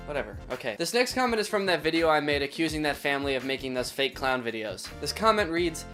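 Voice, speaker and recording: Young male comedy host, bright and sarcastic, higher voice, light music under. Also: quick pace. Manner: sarcastic, playful, deadpan asides. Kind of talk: comedic sketch commentary.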